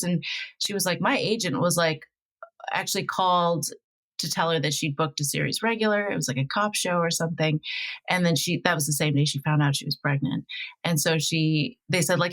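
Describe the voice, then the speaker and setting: A woman on a podcast round table, retelling another person's story in a relaxed way. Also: sits low, normal speed. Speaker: guest actress.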